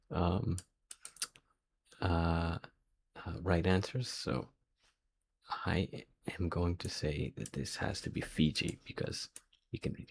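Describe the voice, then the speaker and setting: A quiz video host with a low, gravelly voice thinks aloud as he works through the questions, hesitating and muttering guesses to himself. A slight hiss or hum sits under the recording.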